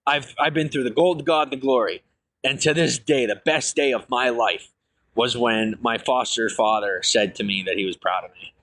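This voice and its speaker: A man's voice: medium pitch, moderate pace, fairly bright tone, rough recording. A man streaming to viewers, telling long rambling personal stories full of fillers and restarts.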